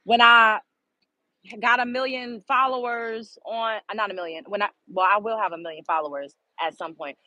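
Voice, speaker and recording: A young adult woman hosting her own online show, talking in a blunt, animated casual monologue and swearing freely. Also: medium pitch, moderate pace, no room sound, muffled recording.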